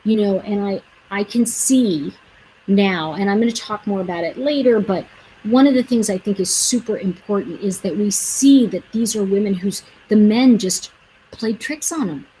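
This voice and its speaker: A woman hosts a casual live chat and speaks straight to her audience. Her voice sits in a mid range, and she is warmly chatty yet earnest as she moves between stories and advice. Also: medium pitch, slight background noise, rough recording. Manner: chatty, acts out quoted dialogue; earnest, advising. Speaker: host. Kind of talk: casual livestream storytelling.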